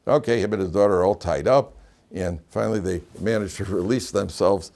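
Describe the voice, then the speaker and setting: Rabbi lecturing, repeating himself. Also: male voice, low voice, a little fast, a little mellow. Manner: repeats phrases while telling jokes and anecdotes. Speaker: rabbi teaching a weekly Torah class. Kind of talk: classroom lecture.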